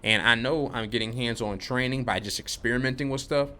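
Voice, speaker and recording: A man's voice: mid-range voice, fairly quick, pushed and bright. A young man vlogging, telling a rambling, laid-back story about work, full of slang. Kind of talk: casual rambling monologue.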